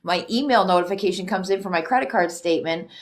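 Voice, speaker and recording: A woman hosting a casual spiritual chat, telling stories in a lively way, swearing freely and laughing often. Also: fairly low pitch, quick pace. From Canada. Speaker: host.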